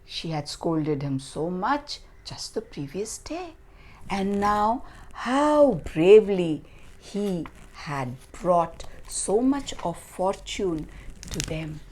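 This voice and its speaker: Woman reading a kids fairy tale, really slow, big swoopy expressive voice. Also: on the low side, slight background noise. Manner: expressive, slow, dramatic storybook reading with sound effects. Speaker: storyteller. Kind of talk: children's storytelling.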